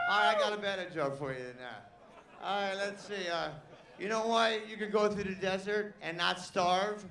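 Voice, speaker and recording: A man's voice: high voice, vocal fry. A man rambling on a live awards stage, joking and swearing as he trails off mid-sentence. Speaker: award presenter. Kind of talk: off-the-cuff stage talk.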